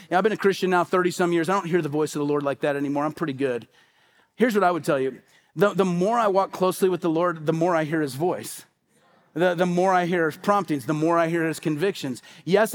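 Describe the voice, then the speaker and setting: Man, pastor, middle-aged, high-pitched, emphatic sermon delivery. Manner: emphatic preaching with repeated phrases and acted-out quotes.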